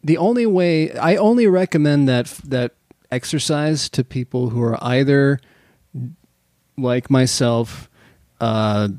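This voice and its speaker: A man's voice: medium pitch, slow, darkish tone, no echo, clean studio sound. A man chatting casually as a podcast co-host, swearing freely and joking with exasperation.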